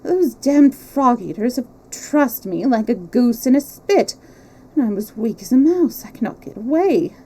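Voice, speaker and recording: A woman voicing a drawly English gent, sleepy, affected, weak, mellow voice. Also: on the high side, lively intonation, unhurried, voice pushed up. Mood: drawling. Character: weak, wounded English gentleman, lazily affected.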